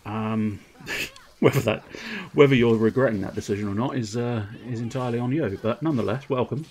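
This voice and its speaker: A man's voice: mid-range voice, a little fast, a little mellow. A man giving rambling, jokey, self-mocking commentary while he plays on a live stream. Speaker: game streamer.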